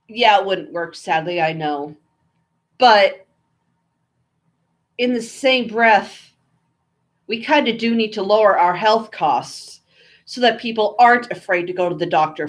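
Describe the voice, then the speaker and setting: A woman with an American accent chatting casually to her camera, rambling from one thought to the next with lots of fillers and asides. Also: medium pitch. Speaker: vlogger.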